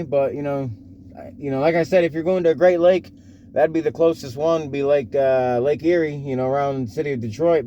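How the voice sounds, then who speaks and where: A man's voice: fairly high pitch, dark tone, muffled recording, a little hiss or hum. A man from Florida casually rambling on his own podcast, full of fillers, restarts, swearing and laughs. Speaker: podcast reaction host. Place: home in a snowy northern area.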